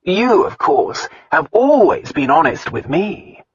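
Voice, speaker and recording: A man reading an audiobook, voicing an arrogant nobleman husband who is gruff, blunt and dryly teasing. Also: a little high, sing-song, slow pace, highs cut off, exaggerated voice. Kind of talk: audiobook dialogue.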